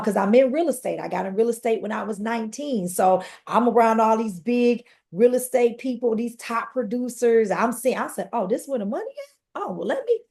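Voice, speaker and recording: Woman in her 40s telling her story on a podcast, gravelly voice, acts out what people said. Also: fairly high pitch. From Detroit. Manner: animated, conversational storytelling with acted-out quotes. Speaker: podcast guest. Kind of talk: personal storytelling.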